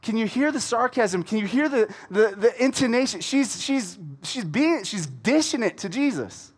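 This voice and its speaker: A man with a fairly high voice preaches a casual, conversational sermon. He is animated and often restarts his sentences. He acts out the people in his story as he goes. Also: normal speed, hardly any pauses, husky.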